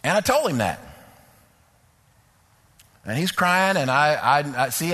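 A man preaching a sermon through personal stories, animated and repetitive, climbing to near-shouts. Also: high-pitched, measured pace, long pauses, in a large hall.

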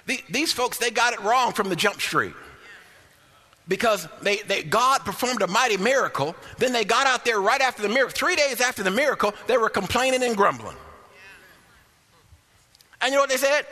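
A high, bright male voice preaching a sermon, swooping up and down as he calls for amens. He acts out grumbling voices to make his point, and his words ring out through a hall with a long reverb. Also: expressive, moderate pace.

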